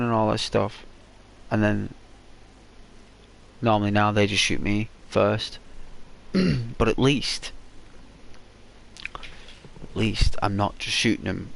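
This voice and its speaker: A man telling a gaming story in rambling, unhurried commentary with many restarts. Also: fairly low pitch, fairly even intonation, gravelly.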